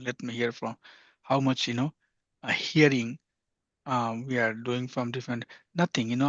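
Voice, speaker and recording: A man teaching a devotional scripture class, earnest, often sinking to a hushed near-whisper. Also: mid-range voice, dry recording. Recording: dull lo-fi, dry sound.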